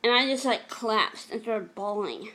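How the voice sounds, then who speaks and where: A middle-aged woman telling a personal story in a vlog, emotional and halting, often repeating and restarting her words. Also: on the high side, sharp tone. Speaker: vlogger.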